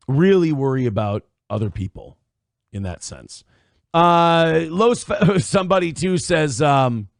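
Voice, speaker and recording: With a mid-range voice on a dry, clean studio recording, a host who is the adult father of young children rambles through a casual livestream, cursing, interrupting himself, and reading out donations from viewers.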